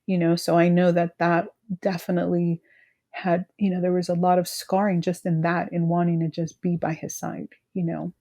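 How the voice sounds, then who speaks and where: A woman in her thirties from California, speaking haltingly about her grief as a guest, full of "you know" fillers. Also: on the low side, flat delivery, dark tone. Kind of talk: emotional personal conversation.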